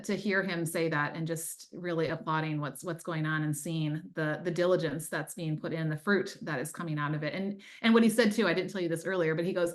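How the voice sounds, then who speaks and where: Earnest woman, lowish voice, chatty. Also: a bit bright. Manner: earnest, faith-filled, conversational with many fillers. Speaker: time management coach, guest. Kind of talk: testimonial interview.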